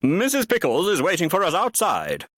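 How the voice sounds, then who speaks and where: Woman doing a calm middle-aged British dad. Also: lowish voice, normal speed, dry recording, clean studio sound. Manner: calm, kindly. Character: tall, thin middle-aged British father.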